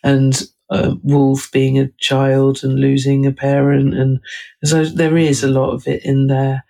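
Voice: medium pitch, completely flat delivery, unhurried, creaky, mellow. An author talks through their writing in a thoughtful interview, with frequent fillers and restarts. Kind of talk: conversational interview talk.

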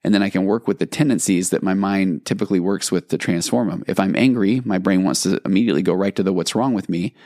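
A man's voice: low-pitched, fast, few pauses, mellow, no room sound, clean studio sound. A man hosting a solo podcast in a casual, reflective way, explaining ideas and acting out inner thoughts. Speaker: podcast host.

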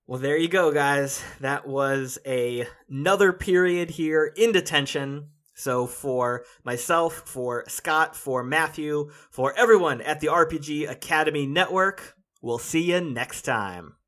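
A man's voice: on the high side, measured pace, few pauses, sharp tone. A man hosting a casual podcast chat about tabletop games who wraps up the episode. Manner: upbeat, wraps up the show. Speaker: podcast host.

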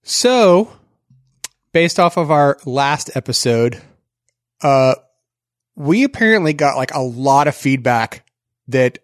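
A man's voice: mid-range voice, dry recording, studio quality. A man co-hosting a podcast, rambling in casual chat with lots of filler words. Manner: rambling, filler-heavy with many "like"s. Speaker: podcast co-host.

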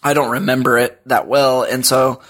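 A man's voice: mid-range voice, level tone, moderate pace, a bit bright. A man in his thirties, a podcast guest, talking in a loose, rambling way with lots of fillers. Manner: rambling, fillers, chuckles at his own stories. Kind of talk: casual chat.

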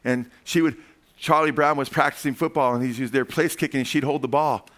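A man preaching a sermon as pastor, animated, calling "amen?" to the congregation and acting out voices as he tells stories. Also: medium pitch, brisk. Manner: acts out quoted voices in storytelling.

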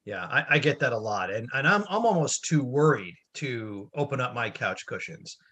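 Bright, husky-voiced dad telling a story. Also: male voice, medium pitch, very animated, moderate pace. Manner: wry, exaggerated storytelling with put-on voices. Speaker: podcast co-host, dad. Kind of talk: casual chat.

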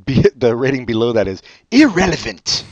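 A man co-hosting a podcast in casual chat, joking in a sarcastic, deadpan way. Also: medium pitch, moderate pace, husky, no room sound. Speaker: podcast co-host.

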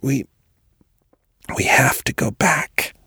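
A man voicing a frail, sickly young man who rasps and whispers in short, halting, strained phrases. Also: on the low side, a bit bright, dry recording, clean studio sound, heavily acted. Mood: weak. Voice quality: raspy, breathy whisper. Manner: strained, halting, forced through the teeth.

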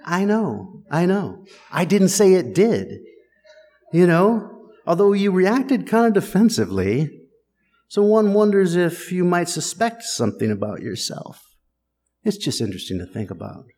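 A man's voice: high voice, very animated, measured pace, darkish tone. A man preaching a sermon in a conversational, wry and teasing way, talking directly to his congregation. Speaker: pastor. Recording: long hall reverb.

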